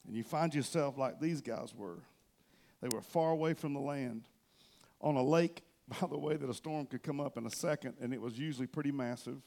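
A male pastor preaching a sermon from a church stage, telling the story with animation and swinging between loud and soft. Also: a little high, fairly quick.

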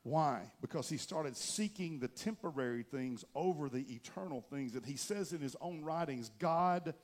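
Higher-voiced man preaching a casual sermon. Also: lively intonation, normal speed. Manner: casual, joking, with bursts of loud emphasis. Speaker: pastor. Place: church.

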